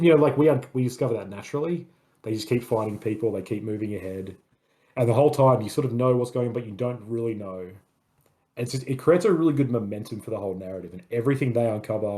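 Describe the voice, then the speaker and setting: A man's voice: fairly low pitch, dark tone. A man co-hosting a casual film review chat, talking enthusiastically and rambling. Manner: enthusiastic, rambling, says "like" a lot. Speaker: podcast co-host, film reviewer.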